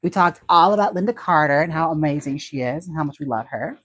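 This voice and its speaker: A man's voice: a little high, fast, fairly bright tone, dry recording. A man hosting a casual livestream, chatty and giggly as he talks about wigs and reads out viewer comments. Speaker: livestream host and wig stylist.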